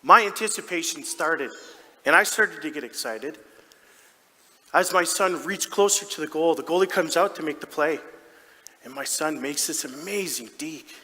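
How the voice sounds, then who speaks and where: A man's voice: a little high, normal speed. A man playing a proud, doting hockey dad in a comedic stage monologue, chatty and self-mocking. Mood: excited. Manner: chatty and self-mocking, with sudden excited outbursts. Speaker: stage actor. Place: large theatre stage. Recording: reverberant theatre hall.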